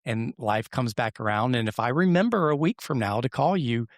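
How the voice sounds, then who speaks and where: A man's voice: medium pitch, moderate pace, dry recording, clean studio sound. A man talking candidly as an interview guest, telling stories in a reflective, rambling way. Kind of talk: casual interview chat.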